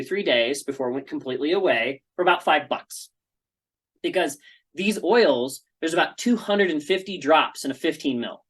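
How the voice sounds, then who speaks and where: A man's voice: a little high, fairly bright tone, low-quality recording. Chatty man telling stories. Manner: chatty storytelling with frequent asides. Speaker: presenter. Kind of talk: casual presentation.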